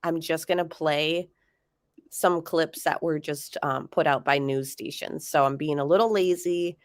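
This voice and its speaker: Low-voiced woman, nasal and congested. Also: fairly even intonation, unhurried, no room sound, studio quality. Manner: chatty, greets viewers as she talks. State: sick, congested. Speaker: livestream host. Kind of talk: casual true-crime livestream chat.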